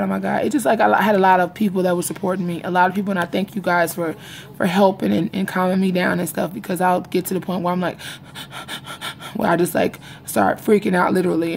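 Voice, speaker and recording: A woman's voice: mid-range voice, gravelly, slight background noise. A young woman vlogging casually to her viewers, rambling and confiding, repeating herself and calling them y'all. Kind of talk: casual vlog chat to viewers. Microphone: phone or webcam in front of her.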